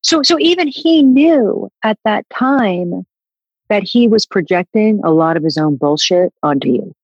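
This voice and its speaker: A woman clinical psychologist talks as a podcast guest, measured and analytical. Her voice is somewhat husky at an ordinary pitch. The recording is dry and dull, with a lo-fi edge. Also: animated, no echo. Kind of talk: interview conversation.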